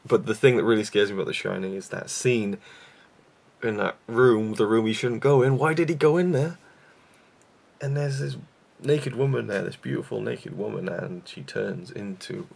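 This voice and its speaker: A young man with a lowish, husky voice and noticeable vocal fry chats about the movies he likes. He's a YouTube reviewer whose casual vlog style rambles, leans self-deprecating, and is packed with fillers and restarts.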